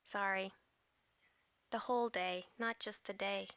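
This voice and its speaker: A woman's voice: mid-range voice, fairly even intonation, unhurried, a bit bright, clear, resonant tone. A woman co-hosting a game stream, giggling and apologizing between lines. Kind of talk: casual stream chat.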